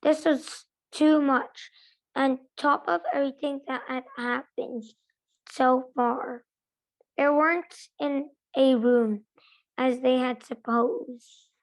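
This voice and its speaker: A woman reading a novel aloud to a club, steady and careful, with small self-corrections. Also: high voice, slow pace, low-quality recording. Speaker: reader.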